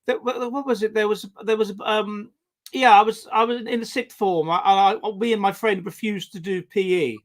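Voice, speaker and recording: A man in his forties talks in a high voice, circling back and restarting as he tells his stories. His delivery is loose and conversational. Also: fairly even intonation. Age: 40s. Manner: rambling, halting storytelling with many restarts. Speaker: guest. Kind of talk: casual conversation.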